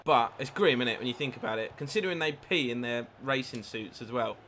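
A man live-streaming a football video game, commentating his own play, reacting loudly to chances and thanking new followers. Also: medium pitch, brisk, slight background noise. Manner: excitable, swears at the game, reads out followers. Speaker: gaming streamer. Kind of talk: live gameplay commentary with chat.

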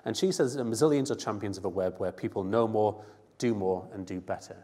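A man's voice: on the low side, a little mellow. A man with a northern English accent and a head cold, giving an informal, chatty conference presentation. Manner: chatty, informal, quick asides. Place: conference hall. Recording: long reverb of a large hall.

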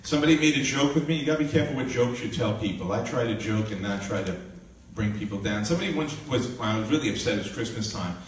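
In a lowish voice, fast and with hardly any pauses, an older minister in his sixties animatedly recounts his testimony, acting out dialogue and laughing a lot. The echoey room puts him at a distance, with a little hiss or hum.

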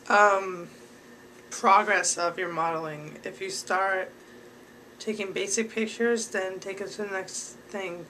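A man's voice: sits high, sharp tone, a little hiss or hum, rough recording. A young man giving casual advice straight to his viewers in a rambling way, with lots of fillers. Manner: rambling, filler-heavy, talks to viewers directly.

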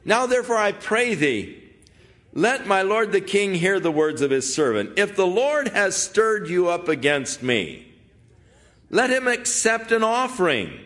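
A man voicing a young male warrior who calls out loudly and pleads, as he reads the scene aloud in a sermon. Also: mid-range voice, animated, brisk, hardly any pauses, close to an everyday voice. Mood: pleading. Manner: loud, pleading, calling out. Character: young male warrior calling out across hills.

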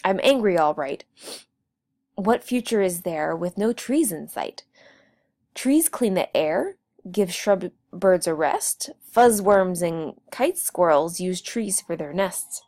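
Loud scolding tree guardian guy, storybook, swoops up and down, a lady reading him out. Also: on the low side, expressive, slow, no room sound. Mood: grumbling. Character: angry green-crested male tree guardian.

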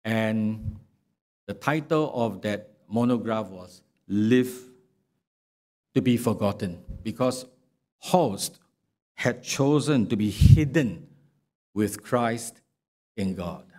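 A man preaching a sermon in a church, speaking in a slow, measured way and reading scripture aloud with sarcastic emphasis. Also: lowish voice, expressive, dark tone. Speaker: pastor. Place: church sanctuary.

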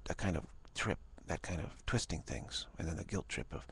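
A man speaking as a spiritual teacher in an informal talk. He talks haltingly, repeats words and often drops to a half-whisper. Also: rumbling low, animated, vocal fry, fairly bright tone, breathy edge.

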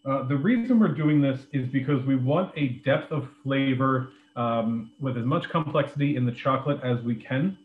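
A man leading a live online drink-making class, explaining ingredients in a relaxed way with lots of ums and uhs. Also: medium pitch, moderate pace, few pauses. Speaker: beverages director teaching a cocktail class. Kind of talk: live online cooking demonstration. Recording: echoey room over a phone-like line.

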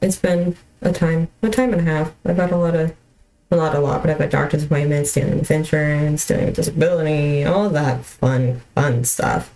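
A young woman's voice, pitched a touch low for her, drifts through casual gaming chat from a home setup. She rambles and restarts, scatters fillers, and keeps apologizing with a self-deprecating laugh. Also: steady tone, fairly quick, warm tone, low-quality recording. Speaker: streamer.

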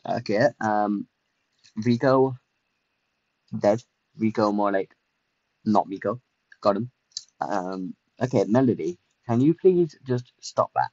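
A low-voiced young man riffs through his livestreamed game, excitable and self-mocking, scattering fillers as he goes. The sound is dry and a little dull, like a close home mic. He jumps between groans, little boasts and chat with viewers. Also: takes it slowly, long pauses, no echo. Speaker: streamer. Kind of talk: casual livestream gameplay commentary.

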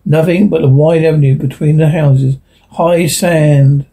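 Guy reading a sci-fi story aloud, kinda husky, trips over words sometimes. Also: a little high, steady tone, a little slow, mellow, poor audio. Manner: unpolished reading with slips and restarts. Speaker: narrator.

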